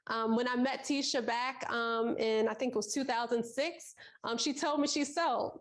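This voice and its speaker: A woman's voice: a little high, moderate pace. A woman host introducing a sewing instructor in a chatty, fond way, with frequent fillers. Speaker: event host.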